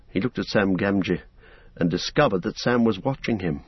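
A man giving a steady, scripted audiobook narration as the storyteller. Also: sits low, normal speed, breathy edge, dry recording. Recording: dull, dry recording.

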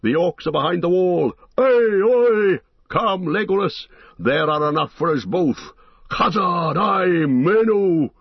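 Guy doing a shouty dwarf warrior, bellowing battle cries, kinda muffled dry sound. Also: fairly low pitch, slow, few pauses, dry recording. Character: fierce battle-hungry male dwarf warrior.

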